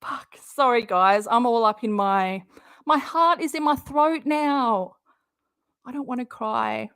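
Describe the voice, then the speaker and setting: A woman's voice: a little high, takes it slowly, fairly bright tone, clear, resonant tone, dry recording, studio quality. A woman hosting a live stream of drama commentary. She talks bluntly and heatedly, swears freely, and reads viewer comments from the chat.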